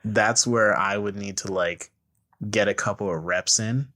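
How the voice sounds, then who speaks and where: A young man co-hosting a podcast in casual chat, with wry, deadpan asides. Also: fairly low pitch, measured pace. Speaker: podcast co-host.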